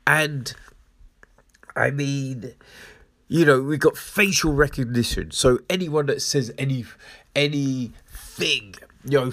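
A man, hosting a podcast in a rambling, profane, animated monologue while his nose is blocked. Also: mid-range voice, no echo, clean studio sound. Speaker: podcast host. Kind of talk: casual storytelling monologue.

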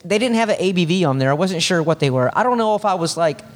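A man hosting a casual podcast chat, excitable and whooping, with lots of stumbling restarts. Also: high voice, quick pace. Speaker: podcast host.

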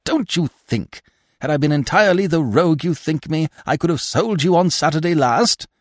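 A man doing a big, wily old-school theatre manager in an audiobook, all leering bluster and wheedling, the voice rolling up and down with plenty of swing, deep and close with no room echo around it. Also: big pitch swings, moderate pace. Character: heavy, powerful, cunning middle-aged male theatre manager.

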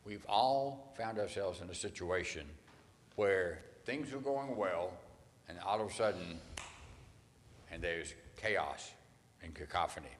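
Folksy preacher in a reverberant church. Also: male voice, sits low, a little slow, pauses often, a little hiss or hum. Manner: conversational, folksy, tongue-in-cheek. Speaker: pastor. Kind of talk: sermon.

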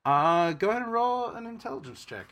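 A man narrating a tabletop role-playing game as game master, explaining rules and the story in a measured way. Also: high voice, big pitch swings, fairly bright tone.

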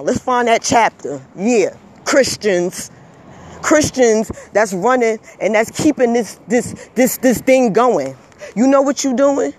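A man delivering a heated, emphatic monologue rant, repeating himself, scolding listeners and swearing when worked up. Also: very high-pitched.

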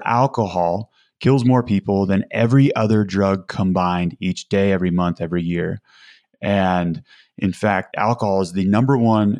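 A man's voice: fairly low pitch, darkish tone, no echo. A man speaking as a podcast guest, earnest and emphatic, often restarting his sentences. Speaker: podcast guest, recovery community founder. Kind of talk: conversational interview.

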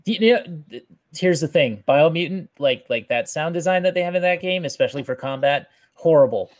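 A man's voice: a little high, lively intonation, a little fast. A man chatting casually and enthusiastically about a video game. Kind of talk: casual game discussion chat.

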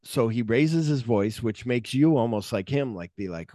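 A man hosting a movie podcast, talking casually and jumping into quick impressions of characters as he retells the plot. His voice rises and falls a lot, and the sound is close and dry, with no room echo. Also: lowish voice. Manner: animated retelling, acts out characters' lines; profane, uses fillers like "like". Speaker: podcast host.

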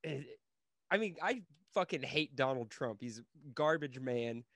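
Young male podcast co-host, brash and sweary, mid-pitched, dry close sound. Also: animated, measured pace, a bit bright, no room sound. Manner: brash, swears a lot, laughs often. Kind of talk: casual profane chat.

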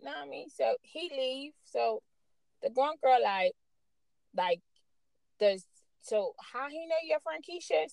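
A woman chats and spins stories as a podcast co-host, her voice high and swinging widely up and down. She sounds animated and loud at times. The recording is close and dry. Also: a little slow, vocal fry, pauses often, no room sound. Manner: lively storytelling, animated and loud. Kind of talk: casual chat.

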